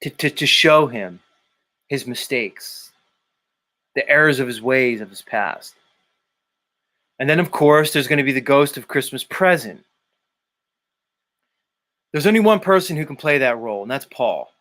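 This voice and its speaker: A man's voice: mid-range voice, animated, unhurried, long pauses, sharp tone. A man hosting a livestream, chatting casually and reading viewer comments, rambling with lots of fillers and swearing. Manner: rambling, profane, thinks aloud with many fillers. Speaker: livestream host.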